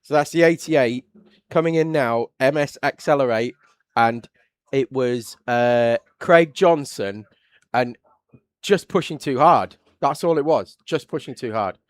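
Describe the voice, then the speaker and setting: English man, live race commentary, chatty, reacts loudly, dry close sound. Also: mid-range voice, unhurried, no room sound.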